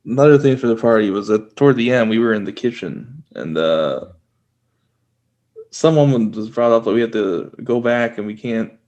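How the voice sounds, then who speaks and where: A man's voice: mid-range voice, normal speed, a little mellow, dull audio. Laid-back male podcast co-host. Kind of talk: casual comedic chat.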